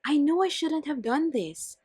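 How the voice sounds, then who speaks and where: A woman's voice: sits high, animated, unhurried, darkish tone, no room sound, clean studio sound, voice pushed up. A woman voicing a remorseful wife in a scripted text-story reading, pleading and apologetic.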